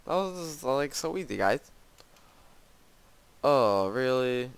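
At medium pitch with lively intonation, a man takes his time narrating a custom-map let's-play in a creaky, clean voice with no room sound. Frequent gasps, exclamations and self-mocking jokes fill his casual commentary.

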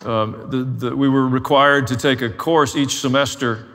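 A man's voice: medium pitch, steady tone, normal speed, a bit bright, big-room sound. A man preaching a sermon as a pastor, telling his own story in a candid, self-deprecating way.

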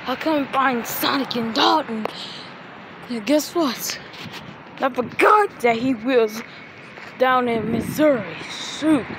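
A woman improvising a toy story, grumbling and making threats in a rambling way. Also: sits high. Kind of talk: improvised toy play-acting. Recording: noisy home recording.

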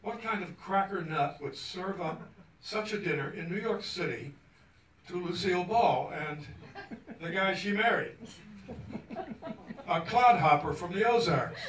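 A man's voice: sits high, expressive, a little slow, pauses often, fairly bright tone. A man from Arkansas reading his own story aloud to an audience, wry and chuckling as he goes. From Arkansas, USA. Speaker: guest speaker. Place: event hall at a cultural center. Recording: roomy hall, mic at a distance.

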